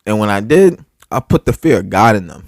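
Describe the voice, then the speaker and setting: Animated New man telling a story. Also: on the low side, brisk, no echo, clean studio sound. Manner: animated, swearing, loud when reliving anger. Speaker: podcast co-host. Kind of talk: casual storytelling chat.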